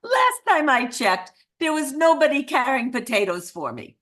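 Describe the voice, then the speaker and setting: A blunt, thrifty elderly grandmother speaks in a broad, comically exaggerated Eastern European accent, as a woman puts her on. The voice rides far above normal and comes out loud and punchy. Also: high-pitched, wildly swooping pitch, moderate pace, pitched above the performer's own voice, full character voice. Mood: matter-of-fact. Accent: put-on Eastern European.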